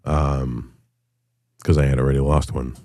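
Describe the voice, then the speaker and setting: A man in his thirties telling a personal story in a candid, profane way, halting often with fillers. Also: extremely low pitch, flat delivery, mellow, no room sound, studio quality. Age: 30s.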